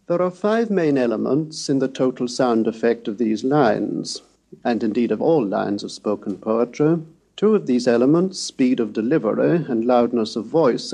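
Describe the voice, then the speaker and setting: Mellow-voiced man giving a measured scholarly lecture. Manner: measured, precise, demonstrates pitch glides aloud.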